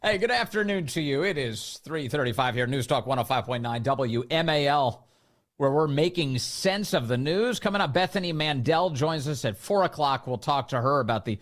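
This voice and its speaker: A man's voice: fairly high pitch, expressive, moderate pace, fairly bright tone. A man hosting a talk radio show, sarcastic and amused, speaking into a studio microphone.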